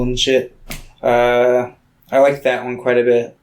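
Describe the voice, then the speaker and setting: A man's voice: mid-range voice, completely flat delivery, takes it slowly, darkish tone. A man co-hosting a podcast, chatting casually with a laid-back delivery, trailing off into fillers and asides. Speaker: podcast co-host. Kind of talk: casual chat about anime.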